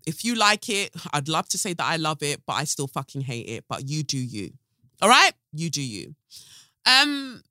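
A young woman hosting her own podcast, ranting bluntly and sarcastically, swearing freely and swinging between loud jabs and hushed asides. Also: low voice, no room sound, clean studio sound. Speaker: podcast host. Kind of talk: animated solo podcast rant.

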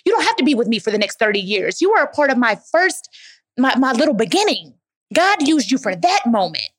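A woman's voice: fairly high pitch, very animated, fairly quick, dry recording, studio quality. A woman speaking as guest at a live Q&A, answering audience questions in an emphatic, motivational way and calling listeners "baby". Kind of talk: live Q&A talk.

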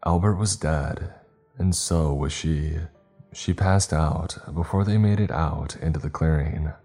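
A man narrating a story in a steady, measured reading. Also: rumbling low. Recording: faint background music.

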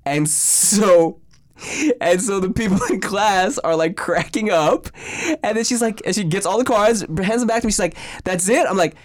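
A young man co-hosting a podcast, telling stories casually and loudly acting out the voices he quotes. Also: high voice, normal speed, no room sound, studio quality. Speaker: podcast co-host. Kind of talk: casual storytelling.

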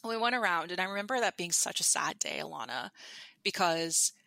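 Chatty woman with a bright voice. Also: lowish voice, expressive, a little fast, vocal fry, dry recording. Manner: chatty, many fillers and restarts. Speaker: podcast guest. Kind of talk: candid storytelling.

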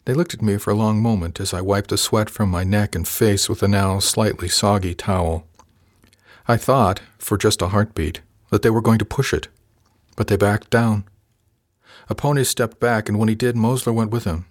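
A man narrating a first-person story in a measured, calm manner. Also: fairly low pitch, dry recording, clean studio sound. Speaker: audiobook narrator.

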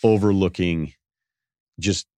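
A man's voice: deep voice, fairly even intonation, slow pace, warm tone, no room sound, clean studio sound. A man hosting a podcast, telling rambling, self-deprecating stories in a casual way. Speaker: podcast host. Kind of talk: casual storytelling monologue.

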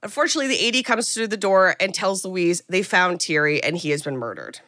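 A young woman co-hosting a podcast, retelling a film in casual, animated chat and acting out quotes. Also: lowish voice, fast talker, no echo, clean studio sound. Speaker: podcast co-host recapping a film.

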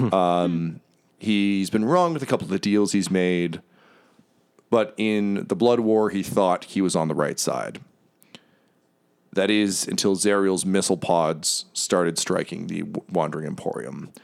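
A man's voice: low-pitched, gravelly. A man narrating as game master in a loose, rambling way, full of fillers.

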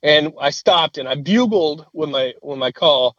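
A man telling a hunting story in casual conversation. He is animated, swears freely and laughs at his own story. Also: fairly high pitch, a little slow, no room sound, muffled recording.

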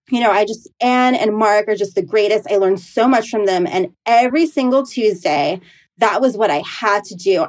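A woman's voice: medium pitch, a little mellow. A woman in her thirties, an astrologer, telling stories in a casual interview, chatty and full of "like" and "you know". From New York City. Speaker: astrologer guest.

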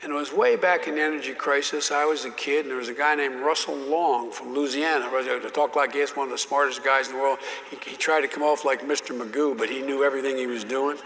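A man's voice: medium pitch, fairly even intonation, fast talker, fairly bright tone, in a large hall. An older man telling stories as an interview guest, with frequent restarts and repeated words. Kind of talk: storytelling in an interview.

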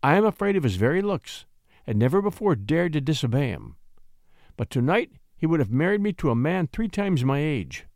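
Brief: male narrator playing a timid young noblewoman, soft-spoken and pleading, storybook reading. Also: a little high, very animated, normal speed, no room sound, clean studio sound. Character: frightened gentle young noblewoman.

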